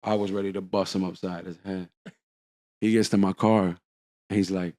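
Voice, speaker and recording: A man's voice: sits low, flat delivery, normal speed, long pauses, darkish tone, no echo. A man telling a long story on a casual podcast, acting out the quotes.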